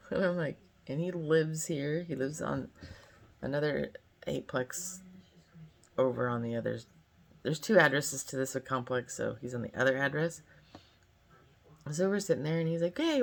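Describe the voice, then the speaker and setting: A woman's voice: a bass voice, creaky. A woman in her fifties from California telling a casual story time, chatty and rambling with lots of fillers. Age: 50s. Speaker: vlogger.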